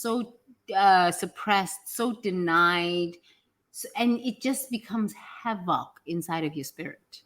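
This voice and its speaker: A woman giving a blunt, emphatic motivational monologue, swearing freely and repeating phrases for effect. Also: mid-range voice. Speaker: self-help vlogger.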